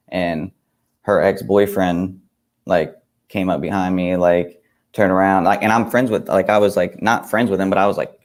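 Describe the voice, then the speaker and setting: Brief: male co-host, deep voice, relaxed and rambling. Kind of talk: casual chat.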